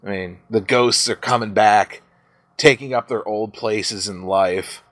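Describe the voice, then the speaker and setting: A man's voice: fairly low pitch, unhurried, no echo, clean studio sound. A man hosting a podcast, casually retelling a story with plenty of swearing and laughter. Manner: profane, animated storytelling with laughs. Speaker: podcast host.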